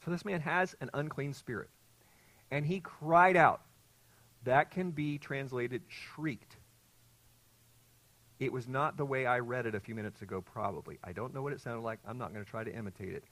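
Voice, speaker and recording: A man's voice: mid-range voice, brisk, no room sound, poor audio. Earnest male pastor preaching, dry sound. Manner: earnest teaching, quizzing listeners, surging louder on key points. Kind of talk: expository sermon to a congregation.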